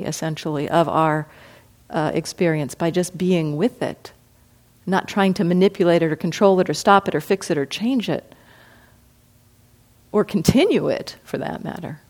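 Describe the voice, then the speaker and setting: A woman meditation teacher giving a reflective dharma talk, gently acting out her own inner thoughts as she speaks. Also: lowish voice, moderate pace.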